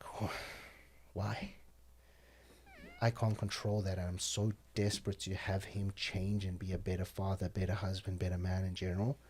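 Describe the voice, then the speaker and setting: A man's voice: low-pitched, a little mellow, slight background noise. A man talking as a podcast guest, telling blunt, profane stories in casual conversation. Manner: blunt, profane, heated storytelling.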